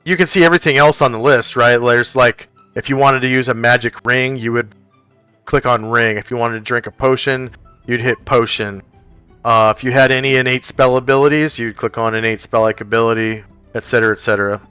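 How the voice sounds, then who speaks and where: A man running a tabletop game as game master, narrating the scene and explaining rules in a casual, halting way full of fillers. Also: medium pitch, fairly even intonation, bright, forceful tone, smooth, no room sound, faint music behind.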